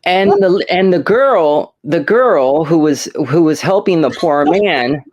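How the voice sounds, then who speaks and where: A man's voice: a little high, a little slow, darkish tone. A man hosting a casual chat, telling a rambling story and restarting his sentences. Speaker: host.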